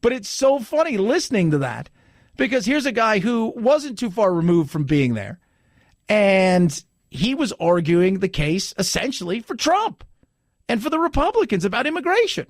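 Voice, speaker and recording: Male American talk radio host, animated storyteller, bright high voice, keeps restarting sentences. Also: moderate pace, dry recording, clean studio sound. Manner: chatty storyteller, lots of restarts and "he goes".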